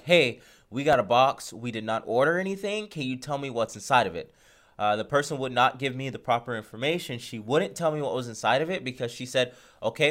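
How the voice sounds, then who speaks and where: A man's voice: mid-range voice, a bit bright. A man hosting a podcast, telling a story in casual chat and acting out phone calls, laughing often. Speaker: podcast host.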